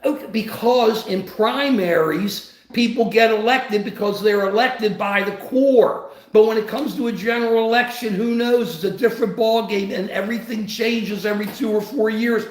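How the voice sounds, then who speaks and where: A man's voice: sits high, moderate pace, few pauses, reverberant, poor audio. A man hosting a podcast and giving impassioned political talk, emphatic and preachy, repeating his phrases. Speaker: podcast host.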